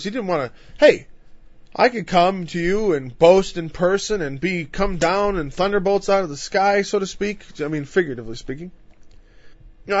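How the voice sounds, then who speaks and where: A man's voice: on the high side, no echo, dull audio. A middle-aged man teaching from the Bible in a casual, conversational sermon, acting out quotes in playful voices.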